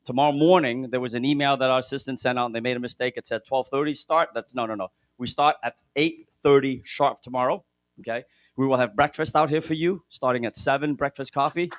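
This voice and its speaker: A man hosting a live conference from the stage, energetic and hyped, his voice slightly hoarse. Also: medium pitch, brisk, dry recording. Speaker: event host. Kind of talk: live event emcee talk.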